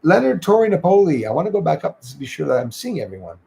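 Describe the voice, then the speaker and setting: A man's voice: fairly high pitch, very animated, quick pace, creaky, dark tone, low-quality recording. A man hosting a livestream, chatting casually and upbeat with his viewers and thanking them by name. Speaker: livestream host.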